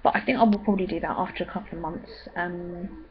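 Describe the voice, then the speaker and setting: A young woman chatting in a rambling way with many pauses and ums. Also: fairly low pitch, dull audio. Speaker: vlogger. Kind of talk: casual pregnancy update vlog.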